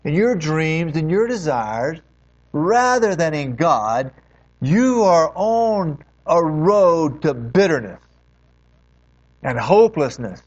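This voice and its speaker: A man's voice: a little high, big pitch swings, slow. A man preaching a sermon as pastor, earnest and exhorting, leaning hard on key phrases. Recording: dull lo-fi recording.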